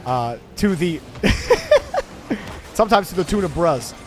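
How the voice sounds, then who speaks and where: A man casting a live-streamed esports match, joking and chatting with viewers in an excitable way. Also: a little high, fairly quick, slight background noise. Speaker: game commentator and streamer.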